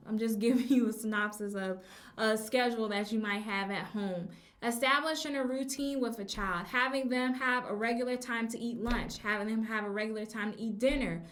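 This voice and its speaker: A woman hosting a casual advice podcast as a teacher, chatty, with frequent ums and slow stresses on key words. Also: a little high, fairly bright tone. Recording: echoey room.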